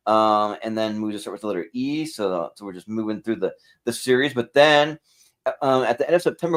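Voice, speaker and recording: A man hosting a movie podcast, talking casually and rambling through plans. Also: on the low side. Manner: rambling, many fillers and restarts. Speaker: podcast host. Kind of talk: casual chat.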